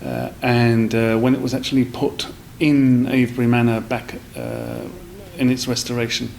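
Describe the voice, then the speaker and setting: Gravelly-voiced man telling stories. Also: medium pitch, expressive, normal speed, a little mellow, rough recording. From South East London. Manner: rambling, with many fillers and restarts. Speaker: guest. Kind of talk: casual storytelling in a podcast interview.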